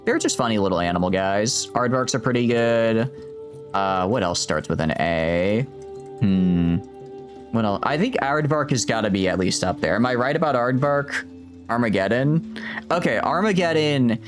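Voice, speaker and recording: A man's voice: mid-range voice, normal speed, faint music behind. A man streaming a game, rambling and joking with his chat in casual gameplay commentary. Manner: rambling, jokey, talks to chat.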